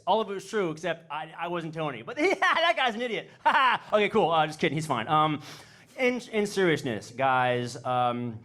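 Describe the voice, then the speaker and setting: Male stand-up comic, rambling self-mocking delivery, lively pitch, stage mic in a club. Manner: rambling, self-deprecating, shouts character voices. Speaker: stand-up comedian. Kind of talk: stand-up comedy set.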